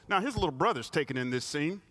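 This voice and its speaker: High-voiced male pastor preaching. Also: lively intonation, fast, a bit bright. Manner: asks rhetorical questions, tells stories. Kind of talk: sermon.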